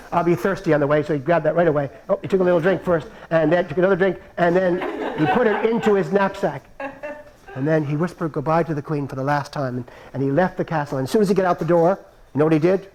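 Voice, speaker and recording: A man's voice: high-pitched, fast, a crowd in the background, poor audio. A man narrating a fairy tale in a live puppet show, chuckling as he goes and asking the audience questions. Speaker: storyteller and puppeteer. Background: audience laughter.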